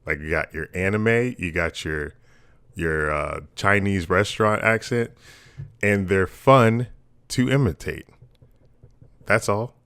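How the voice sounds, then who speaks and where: A man's voice: sits low, takes it slowly, long pauses, a bit bright, clean tone, no room sound, clean studio sound. A young man co-hosting a podcast, talking bluntly and profanely in casual chat that turns into heated ranting. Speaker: podcast co-host.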